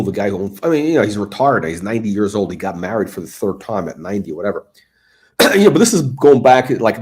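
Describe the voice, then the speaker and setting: A middle-aged man with a lowish voice chats through a casual watch review. He rambles and searches for words, and his pitch swings widely as he tells stories. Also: darkish tone. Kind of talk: casual commentary and storytelling.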